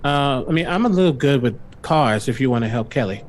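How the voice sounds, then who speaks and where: Man player, animated pitch, hesitant, slips in and out of character, faint noise. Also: brisk. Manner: hesitant, with lively swoops of pitch. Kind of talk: tabletop role-play, speaking in character.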